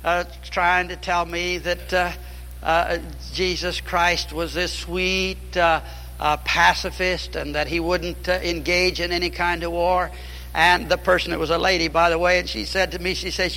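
A man's voice: high-pitched, level tone, a little slow, bright, forceful tone, in a large hall, poor audio. A man preaching a fiery sermon, emphatic and repeating key phrases.

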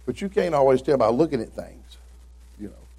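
This Southern-accented Tennessee man, a guest preacher, spins humorous folksy tales in his sermon and performs the quoted characters' voices. He speaks a little fast at medium pitch, with lively intonation and a creaky, mellow, somewhat rough quality.

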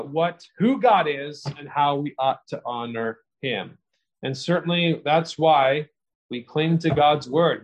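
A middle-aged man preaching a sermon, earnest and expository, growing more animated as he explains scripture. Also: on the high side, low-quality recording. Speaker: pastor.

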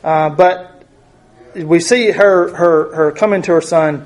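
A man's voice: fairly high pitch, takes it slowly, slight background noise. A middle-aged man teaching a Bible study in a conversational way, often asking his group questions.

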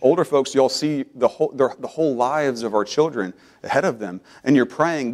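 A middle-aged man preaching a sermon as pastor in a church, moving from low, quiet explanation to loud, rising preaching. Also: lively intonation, a little fast, hardly any pauses. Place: church sanctuary.

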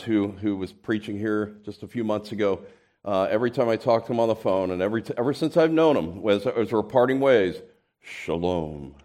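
A man preaching a sermon, talking conversationally with frequent restarts, then rising into loud emphatic peaks and dropping into soft asides. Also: mid-range voice. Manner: conversational, repeats words and restarts. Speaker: pastor.

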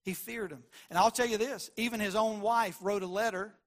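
A pastor preaching a sermon, emphatic and repetitive, swinging from loud declarations to quiet asides. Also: male voice, high voice, steady tone, fairly quick.

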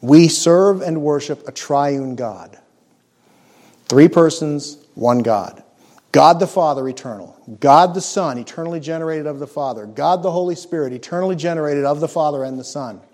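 A man preaching a sermon, earnest and emphatic, letting his voice sink low and soft on key words. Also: moderate pace. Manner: earnest, emphatic preaching with dramatic drops in volume; acts out scripture quotes in character voices.

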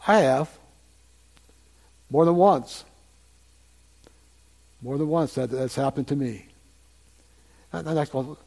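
An older man with a slightly high, darkish voice preaches a sermon to a congregation in a conversational way. He repeats phrases and puts questions to his listeners.

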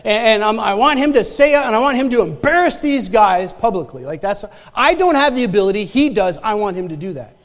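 High-voiced pastor in a reverberant hall. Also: male voice, big pitch swings, brisk, few pauses. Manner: conversational storytelling, often restarts and repeats words; asks the congregation direct questions. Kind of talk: sermon.

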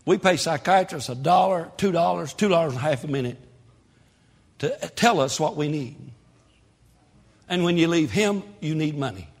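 A man preaching a sermon in a church, animated, with sudden shouts and quick asides. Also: a little high. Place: church sanctuary. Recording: long hall reverb.

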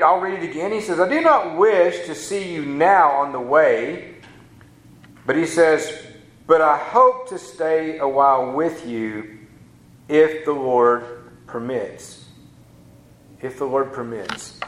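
Folksy preacher in an echoey room. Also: male voice, on the high side, fairly bright tone. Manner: folksy conversational preaching with asides. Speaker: pastor. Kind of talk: sermon.

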